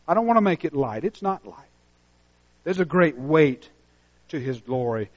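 A man preaching a sermon as pastor, dropping to a hushed intensity and then rising to loud, emphatic exhortation. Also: a little high. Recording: muffled lo-fi sermon recording.

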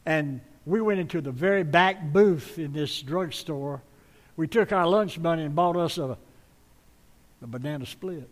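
Folksy preacher in a hall. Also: male voice, on the high side, a little slow. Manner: folksy storytelling, warm appeals to the congregation. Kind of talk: sermon. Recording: long reverb of a large hall.

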